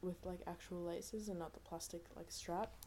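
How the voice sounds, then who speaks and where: A laid-back young woman co-hosting a podcast, swearing freely as she chats. Her voice is low and dark in tone, with a faint hum of noise in the background. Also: steady tone, normal speed. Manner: laid-back, swears a lot, many fillers. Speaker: podcast co-host. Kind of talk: casual chat.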